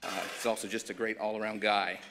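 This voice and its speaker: In a reverberant conference hall with faint noise and faint music behind, a man moderates a panel, introducing speakers in a chatty, joking manner full of fillers and restarts. His voice is lowish, flat, quick, and sharp in tone.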